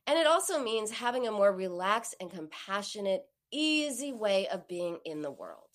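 A woman's voice: mid-range voice, very animated, normal speed. A woman giving a coaching talk to an audience, acting out the quoted voices. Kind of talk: motivational talk on binge eating.

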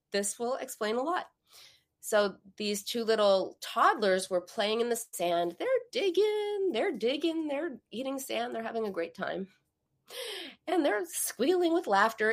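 Animated woman podcast host. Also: fairly high pitch. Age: adult, a parent. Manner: animated storytelling, acts out quoted voices. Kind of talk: conversational podcast advice.

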